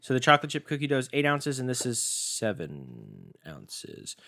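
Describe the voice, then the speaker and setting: Young male co-host, lively and bright-toned, playful and jokey in a casual snack-review chat. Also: medium pitch, normal speed, vocal fry. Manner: playful, jokey, interrupts, slips into silly bits. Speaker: podcast co-host.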